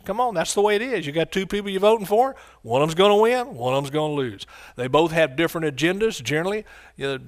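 Emphatic American preacher man. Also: on the high side. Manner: emphatic, repeats phrases, calls out to the audience. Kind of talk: sermon.

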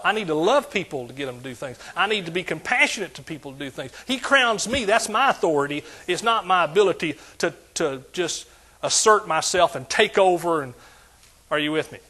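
A male pastor delivers a sermon with a slightly raised pitch. His voice is husky and a little breathy. He talks straight to the congregation and often swells into loud exclamations. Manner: preaching with call-and-response, rising to shouts.

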